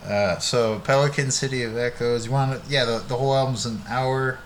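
A man's voice: medium pitch, fairly even intonation, fairly quick, slight background noise. A young man co-hosting a podcast, telling rambling stories in casual chat, laughing and swearing freely. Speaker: podcast co-host.

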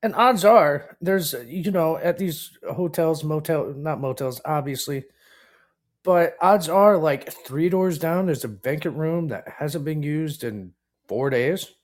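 A man co-hosting a casual radio show, throwing in quick jokes and remarks. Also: fairly high pitch. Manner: quick jokey interjections, swears. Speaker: radio co-host.

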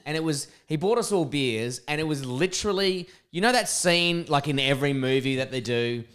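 A man's voice: a little high, moderate pace, fairly bright tone, clean tone. Laid-back Australian man telling crude stories. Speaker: podcast co-host. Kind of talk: casual storytelling chat.

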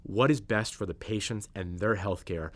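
A man with a fairly low voice talks through policy on a union podcast. He is earnest and orderly and lists his points one by one. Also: normal speed, a bit bright. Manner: earnest, explains in numbered points. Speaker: state legislator guest.

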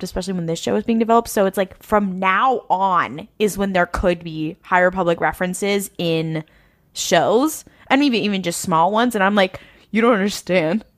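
Excitable rambling woman, fan chat. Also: fairly high pitch. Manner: excitable, swearing, rambling with laughs.

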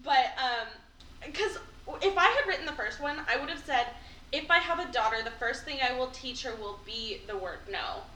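A woman co-hosting a casual chat, animated and giggly, reading poems and quick to protest. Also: sits high. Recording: echoey room, faint background hiss.

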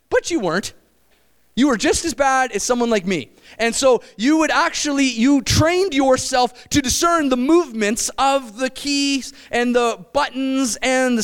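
High-voiced man preaching a lively sermon. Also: clean tone. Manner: animated and conversational, acting out quick quoted voices.

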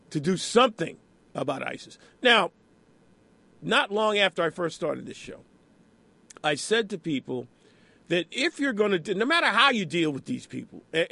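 Animated high-voiced male radio host. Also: creaky, dry recording. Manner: animated, rhetorical, conversational. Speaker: radio talk show host. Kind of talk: political radio commentary. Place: radio studio.

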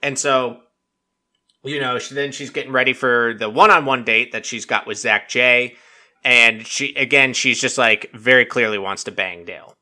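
A man's voice: medium pitch, normal speed. A man hosting a podcast, recapping a show in casual, rambling chat full of swearing and filler words. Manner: rambling and profane, heavy use of "like"; animated storytelling with mock quotes. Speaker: podcast host recapping a reality dating show.

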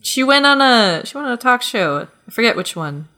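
A woman co-hosting a podcast, chatting casually with quick asides and frequent laughs. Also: on the high side, big pitch swings, pushed and bright. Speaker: podcast co-host. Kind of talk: casual chat.

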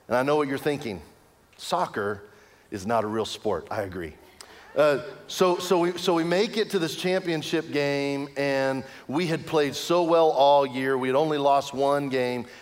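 A man preaching a sermon as pastor, telling a story with lively swings between loud excitement and hushed, near-whispered lines. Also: medium pitch. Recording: long hall reverb.

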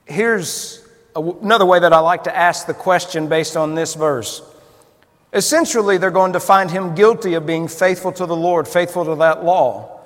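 Male preacher, conversational sermon delivery, high voice, hall reverb. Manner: conversational, asks the listeners questions.

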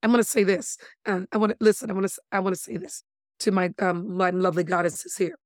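A woman speaking as a body language expert in a casual interview, talking in an animated, emphatic way with playful wordplay and calling listeners "my lovelies". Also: medium pitch, fast talker, dry recording, studio quality.

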